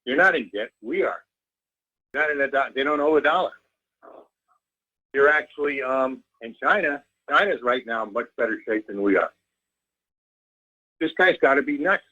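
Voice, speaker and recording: A man phoning in to a talk radio show to rant bluntly about politics. His voice is husky and agitated. The line sounds dull and muffled, as phone calls do. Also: mid-range voice, expressive, moderate pace, pauses often, bright, forceful tone. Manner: blunt, agitated, repeats "all right?". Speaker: caller.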